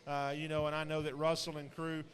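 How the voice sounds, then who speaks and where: A man's voice: fairly high pitch, monotone, brisk. Folksy man in an echoing sale barn. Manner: rambling, folksy, frequent fillers and restarts. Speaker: livestock sale commentator. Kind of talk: live auction commentary on show pigs. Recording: long echo of a large hall.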